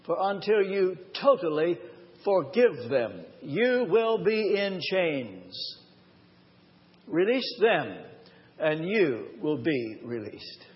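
A man preaching a live sermon in a church, telling a personal story earnestly and slowing down to stress key phrases. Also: high voice, big pitch swings. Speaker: pastor. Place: church or large hall, live. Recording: long hall reverb, dull lo-fi sound.

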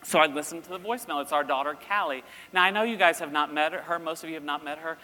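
A middle-aged man telling a lively story in a sermon, acting out voices as he goes. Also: a little high, quick pace. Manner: animated, acts out voices in his story. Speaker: university president giving a talk. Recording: long reverb in a hall, faint ambience.

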